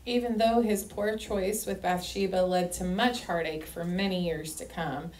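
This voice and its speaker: Woman reading bible verses out loud, steady voice, roomy echo, kinda far from the mic. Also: lowish voice, normal speed. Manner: steady reading with short affirmations. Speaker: scripture reader. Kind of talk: reading scripture aloud. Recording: echoey room, mic at a distance.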